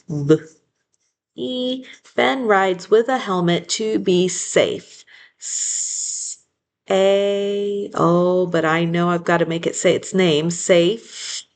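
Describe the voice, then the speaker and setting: Lady teacher sounding out spelling words real slow, a bit of gravel in her voice. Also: fairly low pitch. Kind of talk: spelling lesson dictation.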